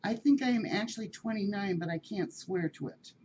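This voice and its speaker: A woman voicing a very old, dignified female cat who speaks slowly, properly and graciously. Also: mid-range voice, warm tone, highs cut off, slight background noise, natural voice. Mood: gentle.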